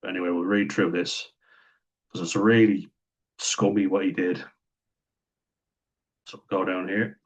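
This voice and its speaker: Irish man, deep voice, husky, casual commentary, blunt and chatty. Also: little pitch movement, unhurried, pauses often, low-quality recording. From Ireland. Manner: blunt, chatty, acts out quoted lines. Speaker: commentator reviewing a series.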